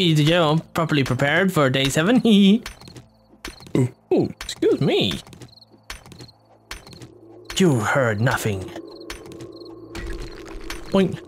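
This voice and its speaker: A playful gameplay commentator talking in a hushed voice at home at night, humming silly sound effects while working. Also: mid-range voice, slight background noise. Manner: hushed, keeping quiet for a sleeping household.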